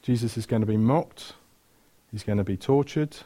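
A man's voice: on the low side, moderate pace, dark tone. A man preaching a sermon, retelling stories with energy, asking the room questions and correcting himself mid-flow.

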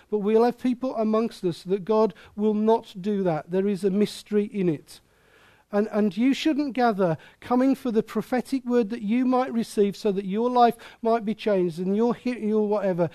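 A man's voice: high voice, warm tone, no room sound. A man preaching a sermon as pastor, earnest and repetitive, often acting out quoted voices. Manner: earnest, repeats words and restarts, acts out quoted voices.

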